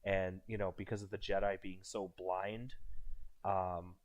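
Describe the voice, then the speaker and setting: A man's voice: sits low, little pitch movement, a little slow. A man streaming, chatting casually in reaction to a video and rambling as he thinks aloud. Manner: rambling, with fillers and restarts.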